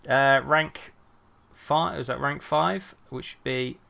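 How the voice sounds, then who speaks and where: A man's voice: medium pitch, slow pace, creaky, sharp tone. A man streaming a truck driving game, rambling chattily and greeting viewers by name while he drives. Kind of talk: casual live-stream chat while driving.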